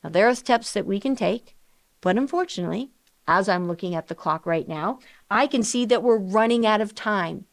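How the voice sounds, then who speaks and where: A middle-aged woman hosting a financial planning show, talking in a chatty, animated way with rhetorical questions. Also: mid-range voice, moderate pace, vocal fry, no room sound. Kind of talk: conversational radio-style finance talk.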